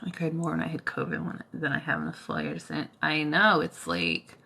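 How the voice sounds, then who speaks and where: A woman's voice: low-pitched, big pitch swings, normal speed, gravelly, bright, forceful tone, husky. A woman hosting a Reiki livestream, chatting casually with viewers in a tired, worn-out voice, using lots of fillers and coughing now and then. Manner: chatty, many fillers, answers viewer comments. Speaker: Reiki healer, livestream host.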